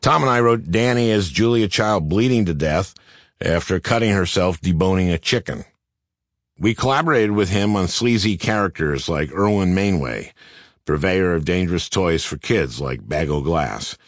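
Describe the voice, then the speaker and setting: Deep-voiced older man, deadpan memoir narration. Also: moderate pace, no room sound. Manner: dry, deadpan comic delivery. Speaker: author narrating his memoir.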